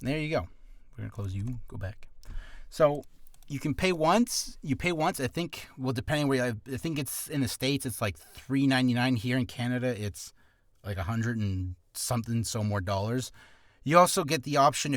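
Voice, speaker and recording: Recording with no room sound, this man walks through a casual tutorial vlog from his home studio, hoping to become a voice actor. His medium-pitched voice runs at normal speed, animated and rambling, with frequent self-corrections.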